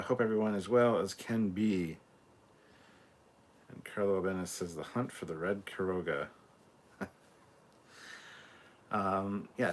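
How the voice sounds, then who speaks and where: Deep-voiced Scottish man chatting loosely. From Scotland. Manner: laid-back, chatty, swears freely. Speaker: live-stream host. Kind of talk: casual live reaction stream, reading viewer comments.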